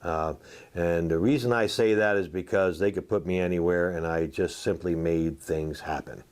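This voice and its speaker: Former football player, man, low-pitched, swaps blunt, salty stories in a casual interview. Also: moderate pace, slight background noise. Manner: animated, salty anecdotes with many fillers. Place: outdoors at a golf tournament.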